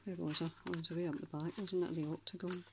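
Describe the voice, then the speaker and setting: A Scottish woman with a low voice talks casually through a handmade journal, page by page. She rambles a little and often stops mid-sentence to hunt for the right word. It is a relaxed craft flip-through, as if she is chatting to the viewer. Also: quick pace, noisy background. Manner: chatty, rambling, searching for words.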